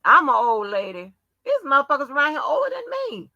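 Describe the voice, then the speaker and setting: A brash woman livestream host with a bright, lively voice that swoops up and down as she needles her chat. She talks slowly and profanely, and the sound is dry and close. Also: sits high, no room sound, lo-fi sound. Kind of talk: casual live-stream chat.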